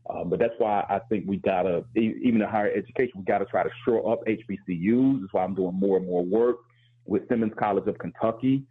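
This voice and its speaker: A man with a low, husky voice talks things through in an earnest, reflective way, often repeating a word as he gets started. His voice comes through a thin, narrow band, like a phone connection. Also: fast. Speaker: professor and show co-host. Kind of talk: casual talk-show discussion.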